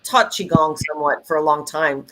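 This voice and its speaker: A middle-aged woman co-hosting a podcast, chatting in an animated way with many fillers and restarts. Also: low voice, fairly quick. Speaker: podcast co-host. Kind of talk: casual conversational podcast chat.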